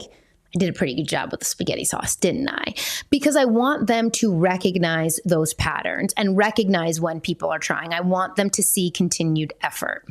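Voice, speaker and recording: A woman hosting a parenting podcast, talking in a chatty, candid way with fillers and self-corrections. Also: medium pitch. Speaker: podcast host and parenting coach.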